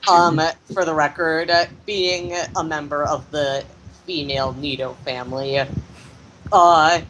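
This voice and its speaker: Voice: medium pitch, steady tone, unhurried, background noise. A player narrating a tabletop role-play game with hesitant fillers. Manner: hesitant, many ums and uhs.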